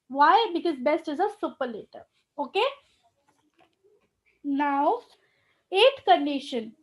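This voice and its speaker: A woman's voice: sits high, lo-fi sound. A woman teaching grammar in a live online class, explaining step by step and often checking in with "okay".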